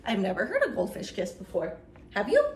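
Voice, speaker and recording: A woman's voice: medium pitch, huge pitch swings, brisk. Bouncy woman doing kids yoga, silly sound effects, far off mic with a bit of background hiss. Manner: encouraging, playful, makes silly animal sounds. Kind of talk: guided children's yoga story time. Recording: roomy, from a distance, faint noise.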